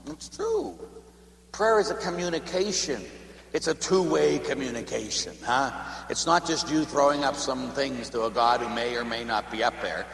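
Joking priest preaching in an echoey church. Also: male voice, mid-range voice, animated, moderate pace, vocal fry, a bit bright. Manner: conversational storytelling with humor. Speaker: Catholic priest. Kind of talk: sermon.

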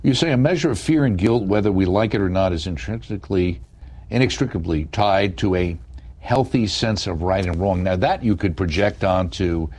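A man with a very deep, husky voice. He hosts an interview show, asking questions and keeping the talk going with short agreements. His manner is steady. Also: moderate pace. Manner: attentive, frequent short affirmations. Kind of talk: interview host.

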